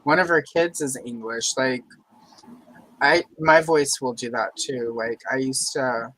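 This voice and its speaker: A man's voice: medium pitch, a little slow, fairly bright tone, rough recording. A man from Louisiana chatting casually on a livestream, with a mostly General American accent and a Southern trace that slips out, rambling through long asides. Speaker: livestream co-host.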